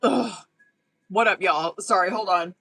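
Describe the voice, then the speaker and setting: Tarot reader going live, bright sharp voice, swears a lot, super slangy and chatty, keeps going "hold on". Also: medium pitch, a little slow, creaky, poor audio. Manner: profane, slangy, chatty, often breaks off with "hold on". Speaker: tarot reader hosting a livestream. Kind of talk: casual livestream chat.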